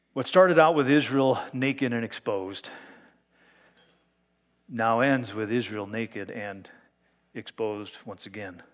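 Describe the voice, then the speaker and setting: A man's voice: medium pitch, a bit bright. A man pastor preaching a sermon, reading scripture aloud and explaining it earnestly and emphatically.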